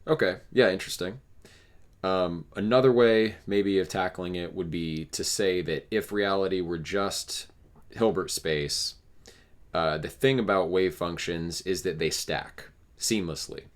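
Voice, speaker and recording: A man's voice: low-pitched, a little slow. A man hosting a casual philosophical discussion, explaining ideas in a thoughtful, searching way with frequent restarts. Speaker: podcast host.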